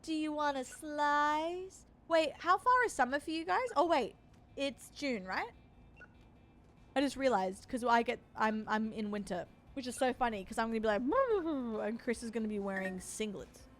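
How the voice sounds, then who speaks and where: A woman's voice: a little high, expressive, moderate pace, fairly bright tone. A young Australian woman chatting with her viewers as she plays, playful and familiar, calling them doll and babe. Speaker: streamer. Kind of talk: casual live-stream chat while playing.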